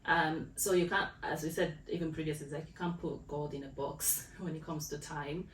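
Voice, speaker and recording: A woman's voice: low voice, fairly even intonation, normal speed. A woman co-hosting a podcast in casual faith conversation, reflective and thinking aloud. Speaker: podcast co-host. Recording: echoey room, distant mic, faint noise.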